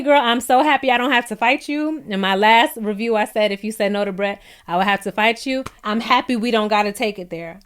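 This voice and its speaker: A young woman casually recapping a reality show, chatty and animated, laughing often and jumping into higher-pitched voices for her reactions. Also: clear, resonant tone.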